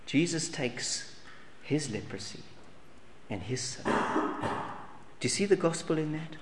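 A man preaching a sermon in earnest, pressing rhetorical questions and swinging between loud emphasis and hushed lines. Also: fairly high pitch, animated, takes it slowly. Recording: long hall reverb, faint noise.

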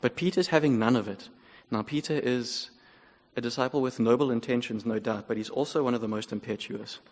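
A man preaching a sermon, explaining scripture in a measured, earnest way. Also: medium pitch, a little mellow. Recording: long hall reverb.

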